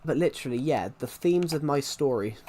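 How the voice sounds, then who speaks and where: Young man, live-stream chat, rambling, halting restarts, faint keyboard typing behind. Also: a little high, lively intonation, a little mellow, a little hiss or hum. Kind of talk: casual live-stream chat while gaming.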